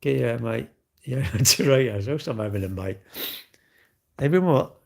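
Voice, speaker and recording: A man's voice: medium pitch, animated, normal speed, creaky, slightly rough. A middle-aged man, hosting a live stream and chatting casually as he reads out viewer comments, in rambling, jokey, self-mocking banter. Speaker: livestream host.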